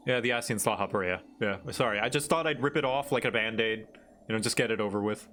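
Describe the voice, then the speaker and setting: A young man streaming a game live, chatting in a jokey way with quick asides and lots of fillers. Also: fairly low pitch, a bit bright, soft background music. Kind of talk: casual live gaming commentary.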